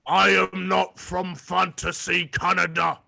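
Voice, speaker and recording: A man's voice: high voice, level tone, slow pace, gravelly, sharp tone. A man playing a tabletop game, chatting with dry, laughing asides. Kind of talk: casual game chat.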